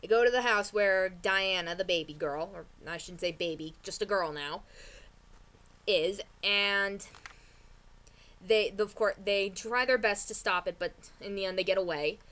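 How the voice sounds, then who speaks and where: A woman vlogger giving a casual, animated recap rant, chatty and often restarting her sentences. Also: medium pitch, a little slow.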